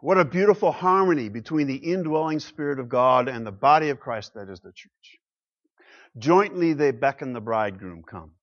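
A man's voice: medium pitch, expressive, moderate pace. Preaching man, lo-fi, dramatic swings. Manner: rhetorical questions, swings from loud to hushed. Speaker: pastor. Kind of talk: sermon. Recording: muffled lo-fi sound.

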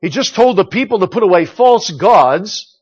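Middle-aged male pastor, high voice, emphatic sermon delivery, dull lo-fi recording. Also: animated, slightly rough. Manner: emphatic preaching, slowing down for scripture quotes.

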